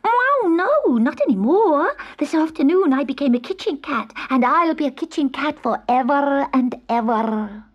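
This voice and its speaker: A woman voicing an earnest, gentle young male kitten in a bright, eager, polite voice, reading a storybook. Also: sits high, animated, unhurried, hardly any pauses, voice pushed up. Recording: dull old cassette tape.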